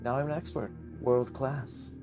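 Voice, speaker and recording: Pompous game gent, grand and wistful, voiced by a man, middling pitch. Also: fairly even intonation, darkish tone, soft background music, natural voice. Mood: wry. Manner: pompous, drawn-out delivery. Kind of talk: reading a visual novel aloud.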